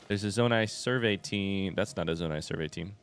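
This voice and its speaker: A man hosting a let's play, giving excitable and self-mocking commentary as he plays. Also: low voice, fairly quick, faint music behind. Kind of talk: gameplay commentary.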